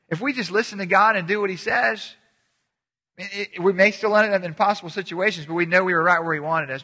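A man preaching a sermon as pastor, animated and conversational, acting out little voices and often restarting his sentences. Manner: animated, acts out voices with sudden pitch jumps; halting restarts and repeated words. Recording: long hall reverb.

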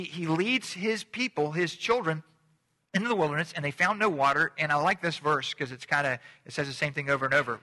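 A man's voice: fairly high pitch, sharp tone. A man preaching a sermon as a pastor, in a conversational manner, often restarting and repeating words. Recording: long hall reverb.

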